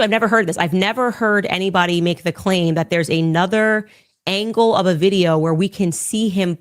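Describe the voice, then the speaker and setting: A woman commentator reading posts aloud and answering them in a pointed, incredulous manner, played as a clip. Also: lowish voice.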